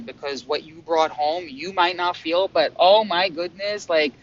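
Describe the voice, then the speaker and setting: A man vlogging about his spiritual experiences in a casual, excitable way, swearing freely and often stumbling over restarts. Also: on the high side, measured pace, few pauses. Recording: dull lo-fi sound with faint hum.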